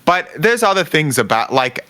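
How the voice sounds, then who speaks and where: A man's voice: a little high, very animated, normal speed, sharp tone. A man co-hosting a podcast, chatting casually and explaining in an easygoing way. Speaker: podcast co-host. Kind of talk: casual chat.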